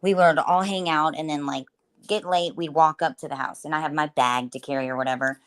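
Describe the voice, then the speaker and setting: Woman, podcast co-host, lowish voice, bawdy candid jokes. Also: steady tone, fairly quick. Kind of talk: casual chat.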